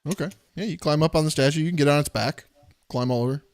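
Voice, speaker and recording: A man's voice: fairly high pitch, fast. A man running a tabletop game as game master, laughing often and talking in a loose, casual way.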